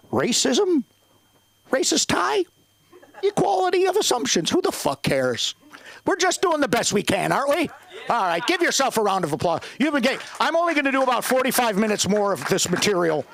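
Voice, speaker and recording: A stand-up comedian rattles off a profane, self-deprecating set. His voice sits high and leaps all over the place in pitch. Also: very animated, moderate pace, gravelly, pauses often, fairly bright tone. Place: comedy club stage.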